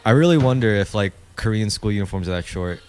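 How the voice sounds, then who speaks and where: Male podcast co-host, lower voice, casual and crude, reacts off the cuff, light music bed. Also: expressive, quick pace, darkish tone. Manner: loose, profane, wandering commentary. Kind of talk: casual chat while watching music videos.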